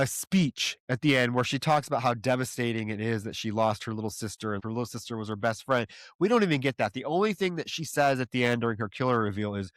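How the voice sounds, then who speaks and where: A man co-hosts a horror podcast and recaps the plot in an exasperated, profane, casual way. His voice sits at an ordinary male pitch. The recording is dry and close. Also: no echo. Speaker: podcast co-host.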